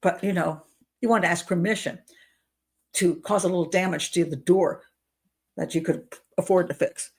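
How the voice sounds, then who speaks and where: A woman's voice: fairly low pitch, fairly even intonation, moderate pace, long pauses, darkish tone, husky. A woman giving commentary as a criminal profiler, sarcastic and incredulous as she talks.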